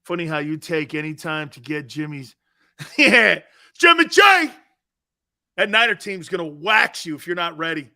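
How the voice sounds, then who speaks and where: A brash sports talk radio host with a high, bright, forceful voice. He argues his points emphatically and laughs off other opinions, peppering his talk with "man" and "dude.". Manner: argumentative, laughing off callers' views.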